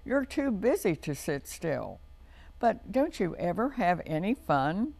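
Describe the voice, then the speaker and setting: A woman voicing a restless, curious little girl in a read-aloud storybook, lifting her voice higher for the child. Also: big pitch swings, takes it slowly, gravelly, darkish tone, dry recording, exaggerated voice. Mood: eager.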